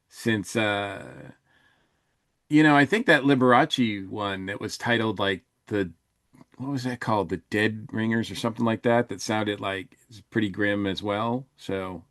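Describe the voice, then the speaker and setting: A man's voice: lowish voice, unhurried, a bit bright, dry recording, clean studio sound. A man co-hosting a podcast in casual chat, rambling with many fillers and restarts. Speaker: podcast co-host.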